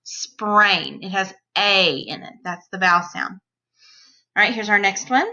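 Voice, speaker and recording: A woman teacher leading a phonics lesson for young children, sounding out each phoneme slowly, clearly and deliberately. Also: mid-range voice, bright, forceful tone, dull audio.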